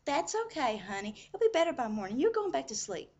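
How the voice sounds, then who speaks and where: A woman's voice: high voice, sing-song, fairly quick, darkish tone, lo-fi sound, pitched above the performer's own voice, heavily acted. A woman voicing a flustered female nurse on a night ward, sweetly soothing and then shrieking in panic.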